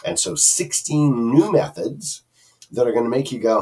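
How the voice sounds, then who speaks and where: A man's voice: mid-range voice, animated, moderate pace, gravelly, a little mellow, slightly rough, far from the mic. A man from Canada giving a rambling, casual screen-share review of an online product, full of fillers and restarts.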